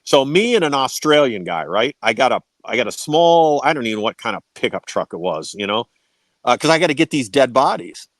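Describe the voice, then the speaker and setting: A man's voice: mid-range voice, big pitch swings, fairly quick, dry recording. A man telling war stories as a podcast guest, swearing freely and tagging his sentences with "right?". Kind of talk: casual storytelling.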